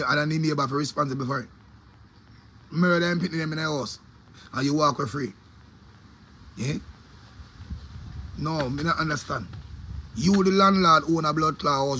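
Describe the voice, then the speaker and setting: A man's voice: fairly high pitch, pushed and bright, a little hiss or hum. A man with a Jamaican accent, a DJ delivering an angry, profane, repetitive rant about his opinions. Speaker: DJ giving opinions.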